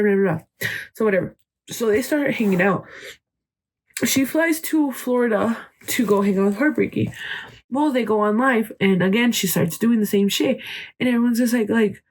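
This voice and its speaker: A woman's voice: mid-range voice, brisk. Chatty young woman telling gossip. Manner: chatty, swears, mixes in Spanish phrases, acts out quotes. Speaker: podcast host. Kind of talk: casual gossip storytelling.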